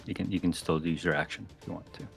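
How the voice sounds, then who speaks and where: Low-voiced man running a tabletop game. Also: fast talker, vocal fry, soft background music. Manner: relaxed, describing scenes with fillers. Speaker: game master.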